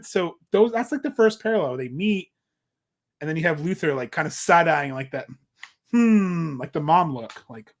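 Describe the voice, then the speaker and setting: A young adult man co-hosting a podcast in casual chat, animated and acting out quotes in put-on voices. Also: a little high, normal speed. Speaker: podcast co-host.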